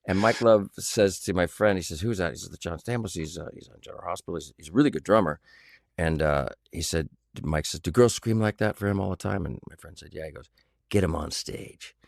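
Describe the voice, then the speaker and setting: A man in his sixties, an actor, telling animated stories in an interview, acting out quoted voices and humming tunes. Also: low-pitched, fast talker, gravelly, dry recording, clean studio sound. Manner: animated anecdotes with sung sounds and quoted voices. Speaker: actor guest. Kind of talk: storytelling interview.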